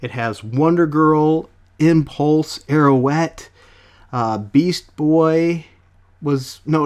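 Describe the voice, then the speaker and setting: A man's voice: on the high side, slow. A man reviewing a comic book in a casual vlog, rambling with many fillers and self-corrections.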